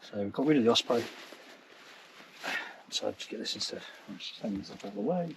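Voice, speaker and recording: A man's voice: fairly low pitch, expressive, fast talker, vocal fry, a little hiss or hum. A man vlogging while wild camping on a snowy hillside, chatty and self-deprecating, a little out of breath from the climb. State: slightly out of breath from hiking. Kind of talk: casual outdoor vlog talk to camera.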